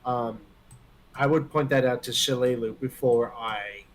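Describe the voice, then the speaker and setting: A man's voice: medium pitch, fairly even intonation, a little slow, a little hiss or hum, low-quality recording. A man playing a tabletop game, talking hesitantly with many fillers as he plans his character's moves. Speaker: player.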